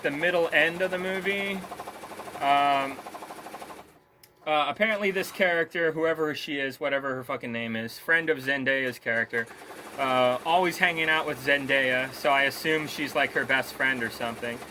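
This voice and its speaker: A man's voice: on the high side, bright, forceful tone, a little hiss or hum. A man ranting in a casual, profane video review, scornful and sarcastic. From Korea. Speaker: movie reviewer.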